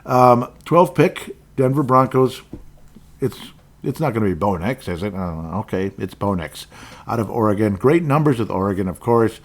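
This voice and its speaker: Rambling low-voiced male podcast host. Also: expressive, moderate pace. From Minnesota, USA. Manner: rambling, goes off on tangents; blunt, speaks his mind. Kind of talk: casual sports talk monologue.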